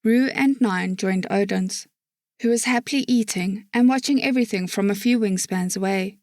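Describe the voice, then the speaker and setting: A woman narrating an audiobook chapter in a steady storytelling manner. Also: mid-range voice, moderate pace, no echo, studio quality. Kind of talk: scripted narration.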